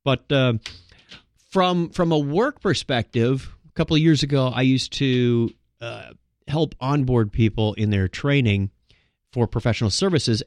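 A man's voice: mid-range voice, dry recording, clean studio sound. A man hosting a solo podcast, talking casually and rambling, with frequent restarts. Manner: rambling, with many restarts and filler words. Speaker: podcast host.

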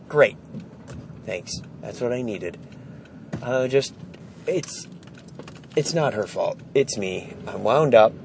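A man's voice: medium pitch, darkish tone, a little hiss or hum. A middle-aged man telling a story about a mix-up at home, exasperated, wry and self-deprecating, stressed and tired, recording on his phone while walking through an indoor storage warehouse. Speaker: vlogger. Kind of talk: casual storytelling vlog. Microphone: phone held while walking.

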